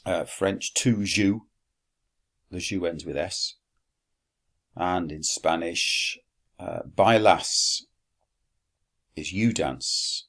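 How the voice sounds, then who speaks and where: Male teacher, deep gravelly voice, unhurried delivery, dry wit. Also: a bit bright. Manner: dry wry asides, slow deliberate explanation. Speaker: Latin teacher. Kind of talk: recorded classroom lesson.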